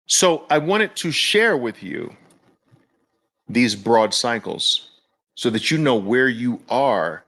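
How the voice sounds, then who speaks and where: Animated, slow-talking male market host. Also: mid-range voice. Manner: animated, exclamatory, incredulous. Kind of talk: market commentary.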